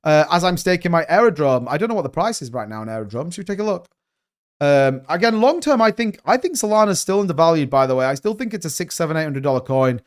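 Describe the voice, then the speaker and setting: Reading out viewer comments on his crypto livestream, a young man rambles in a fast, excited, casual way, his voice a little high.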